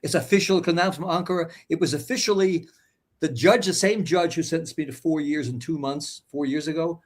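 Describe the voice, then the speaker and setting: A husky man in his seventies with a slightly high voice tells his story as an interview guest. He talks bluntly and drops swear words for emphasis. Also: fairly quick. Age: 70s.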